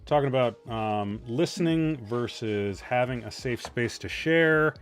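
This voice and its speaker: A man's voice: mid-range voice, unhurried, soft background music. A man hosting a casual sober-living livestream while he paints miniatures, chatty and joking, often distracted by chat and family. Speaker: podcast host.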